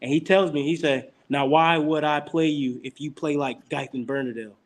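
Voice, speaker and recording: The voice is a little high, the speed normal. A young adult college football player recounts stories during an easygoing podcast interview, animatedly voicing the quotes himself.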